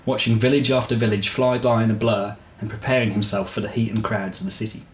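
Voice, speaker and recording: A man's voice: on the low side, fast, slight background noise. Man reading a story in an echoey room. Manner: steady storybook reading, joking between passages. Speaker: podcast host reading his story aloud.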